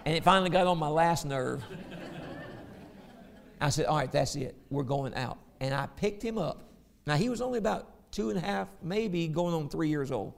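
A man's voice: a little high, animated, moderate pace, gravelly, pauses often. A middle-aged man preaching a sermon, telling stories and reading scripture aloud. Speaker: pastor.

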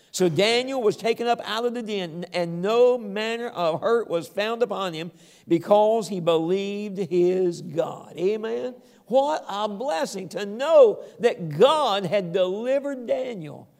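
A male preacher delivering a sermon, retelling scripture in an animated way and closing with a quiet prayer. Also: sits high.

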